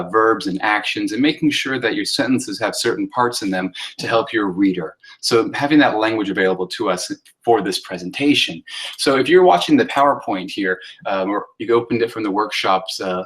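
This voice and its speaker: A man, a writing instructor, giving a recorded lecture on sentence style. He talks through slides casually with many fillers and reads example sentences aloud in a raised, animated voice. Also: fairly low pitch, poor audio. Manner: conversational teaching with many fillers, acting out example sentences in a lifted voice.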